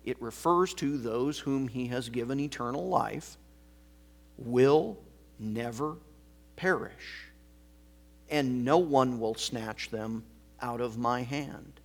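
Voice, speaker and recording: Slow, emphatic male preacher. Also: medium pitch, gravelly. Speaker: pastor. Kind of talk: sermon.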